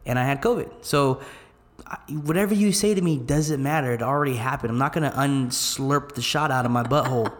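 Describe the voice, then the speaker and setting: A man's voice: mid-range voice, brisk. Joking man co-hosting a podcast. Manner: joking, rambling, swears. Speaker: podcast co-host. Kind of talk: casual chat.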